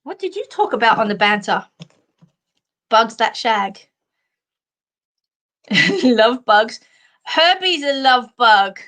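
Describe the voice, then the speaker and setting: A woman's voice: a little high, very animated, slow, long pauses, fairly bright tone. An Australian woman hosting a casual live chat, chatty and giggly as she reads out comments. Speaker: host of a live chat show.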